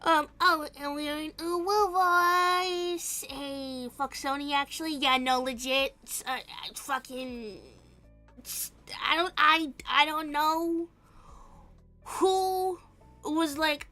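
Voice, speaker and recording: A woman's voice: high voice, slow pace. A woman streamer chatting casually and profanely while playing, with faint music behind. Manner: profane, animated, laughing often. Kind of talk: casual gaming stream chat.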